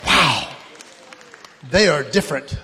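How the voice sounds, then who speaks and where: A man's voice: on the high side, expressive, takes it slowly, in a large hall, crowd noise, background noise. A man doing stand-up comedy before a live audience, animatedly telling family stories.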